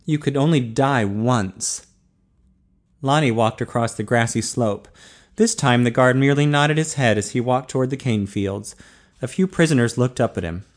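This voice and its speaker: Reading an audiobook, a man narrates clearly and evenly in a steady, measured way, his voice at an ordinary middle pitch.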